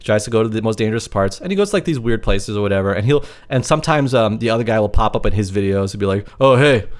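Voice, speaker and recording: A man's voice: lowish voice, expressive, racing. A man co-hosting a podcast from his apartment, chatting casually and rambling with lots of filler words. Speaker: podcast co-host. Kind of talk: casual chat.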